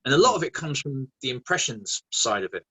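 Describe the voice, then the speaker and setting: A man, a guest actor chatting casually in an interview, animated and quick to laugh. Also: medium pitch, husky, poor audio. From England. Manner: animated, laughing, many restarts.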